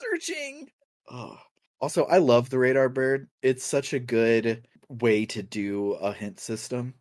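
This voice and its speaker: A man co-hosting a podcast, chatting casually about video games in a relaxed, rambling way and laughing often. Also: medium pitch, unhurried, no room sound, studio quality. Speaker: podcast co-host.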